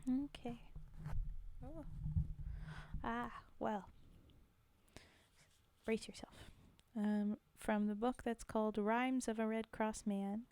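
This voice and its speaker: A woman's voice: on the high side, steady tone, slow pace, darkish tone, clear, resonant tone. A woman hosting a casual livestream, chatting with viewers, giggling often and reading poetry aloud.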